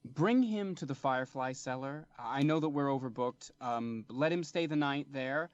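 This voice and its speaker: Gracious lady librarian in charge, put on by a man; slow and formal, lo-fi dry mic. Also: medium pitch, smooth, dry recording, natural voice.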